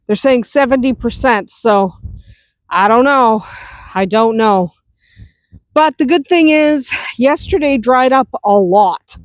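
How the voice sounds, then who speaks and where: A woman's voice: fairly high pitch, slow pace, dry recording. A woman chatting through a casual farm vlog, outdoors on a windy farm, often laughing and talking to her animals. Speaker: homestead vlogger.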